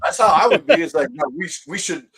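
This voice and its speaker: A man's voice: on the high side, lively intonation, quick pace, fairly bright tone, husky. A man co-hosting a casual sports talk show, teasing and arguing with his friends. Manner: teasing, argumentative. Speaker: podcast co-host.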